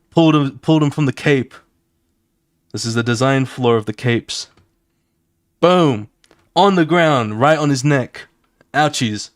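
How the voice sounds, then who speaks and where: Casual male streamer, mid pitch, animated and swearing, dry recording. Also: dry recording. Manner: animated, fast, swearing, sound effects. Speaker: artist streaming his drawing. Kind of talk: casual walkthrough of his comic pages.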